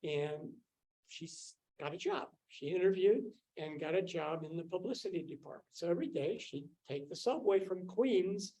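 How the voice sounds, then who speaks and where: A man's voice: sits high, normal speed, warm tone, poor audio. Older male scientist, casual anecdotal storyteller, meandering with frequent fillers. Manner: rambling, with many fillers and restarts. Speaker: scientist recounting his career.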